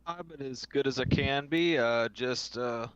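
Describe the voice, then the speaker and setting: A man's voice: medium pitch, a little slow, a bit bright, highs cut off, slight background noise. A man guest on a gaming podcast, chatting in an easygoing way. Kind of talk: casual chat.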